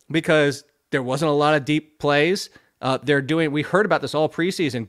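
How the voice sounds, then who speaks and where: Guy ranting on a sports podcast, kinda high voice, gets tongue-tied when he's worked up. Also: normal speed, a bit bright. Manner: fired-up ranting, tongue-tied, laughing at himself. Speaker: fantasy football analyst. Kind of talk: casual podcast chat.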